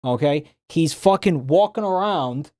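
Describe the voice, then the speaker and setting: A man's voice: a little high, animated, unhurried, a little mellow, no room sound. Guy streaming, swearing and cracking jokes, dry close mic. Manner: profane, joking, riffing. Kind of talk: casual live-stream chat.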